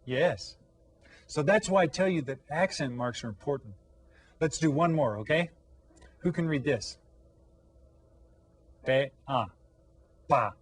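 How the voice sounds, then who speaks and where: A man teaching an elementary language lesson, patient and encouraging, pausing to ask children questions. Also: on the high side, breathy edge.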